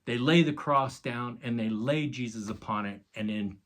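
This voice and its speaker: A man's voice: mid-range voice, moderate pace, hardly any pauses, a bit bright. Guy preaching, big dramatic storytelling, talks to folks like buddies. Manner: dramatic retelling with acted quotes and sound effects; casual, addresses listeners as guys. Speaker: pastor. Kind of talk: sermon.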